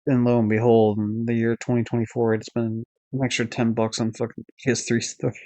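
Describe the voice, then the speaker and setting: A man's voice: mid-range voice, flat delivery, a little fast, dark tone, no room sound. A young man streaming live, rambling casually through game ratings with lots of fillers, swearing and self-corrections. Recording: dull lo-fi dry stream audio.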